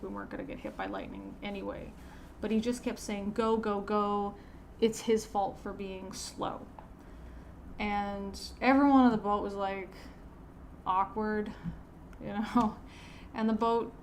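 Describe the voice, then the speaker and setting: A woman's voice: medium pitch, creaky, slight background noise. A middle-aged woman, a teacher, chatting casually and telling a rambling story, often restarting her sentences. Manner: rambling, self-correcting, laughs while telling stories. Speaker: podcast host answering a listener.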